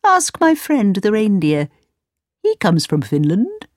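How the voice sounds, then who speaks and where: A woman's voice: medium pitch, wildly swooping pitch, slow pace, darkish tone, no echo, clean studio sound. A woman reading a storybook aloud, voicing a helpful talking pigeon that tells what it saw. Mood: informative.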